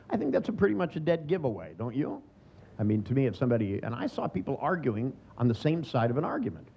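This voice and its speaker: A man's voice: medium pitch, big pitch swings, a little fast, creaky. A man in his sixties giving a humorous seminar lecture, sardonic in tone and acting out the voices he quotes. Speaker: seminar trainer. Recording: dull lo-fi recording with faint noise.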